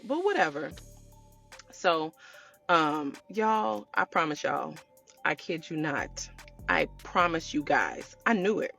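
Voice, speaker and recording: A woman telling her viewers a personal story in a casual storytime way, animated and chatty, calling them y'all. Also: low-pitched, slow, creaky, faint music behind. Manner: animated, addresses viewers as y'all, acts out quotes. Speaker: storytelling vlogger.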